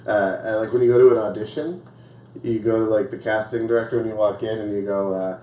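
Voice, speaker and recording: A man's voice: on the low side, quick pace, dark tone. Give me a man hosting a casual talk show, chatty and laughing, recorded echoey from a distance. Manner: laughs often, loose and chatty. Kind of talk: casual chat. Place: small room with live audience.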